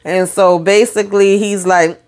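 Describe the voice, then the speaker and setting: A woman with a medium-pitched voice and an unhurried pace recaps an episode of a TV drama. As the host of a show recap, she keeps it casual and chatty, retelling events in a lively way packed with slang and side remarks.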